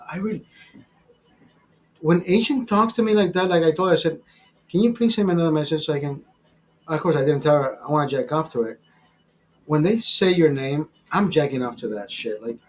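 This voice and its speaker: A man hosting a livestream in casual, crude chat, profane and rambling, often laughing. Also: fairly high pitch. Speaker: livestream host.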